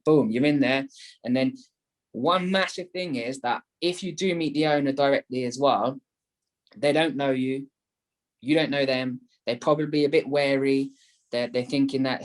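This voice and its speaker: A man's voice: medium pitch, normal speed. A man, a property investment guest in a casual podcast talk, who keeps acting out both sides of phone calls. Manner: animated, acts out phone calls.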